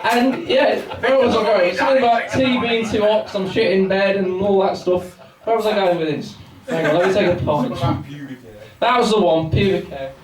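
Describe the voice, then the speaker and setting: Young english stand-up guy, high voice, rambling and self-mocking, booming pub room from afar, crowd laughing. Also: normal speed, reverberant, far from the mic, poor audio. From England. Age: 20s. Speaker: stand-up comedian. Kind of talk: stand-up comedy set. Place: pub function room with a live audience. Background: audience laughter and chatter.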